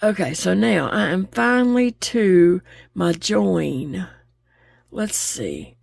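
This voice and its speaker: A woman's voice: lowish voice, big pitch swings, slow, gravelly, darkish tone, no room sound, studio quality. A woman chatting openly while she crochets, laughing easily as she talks. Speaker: crochet vlogger. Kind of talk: casual chat while crocheting.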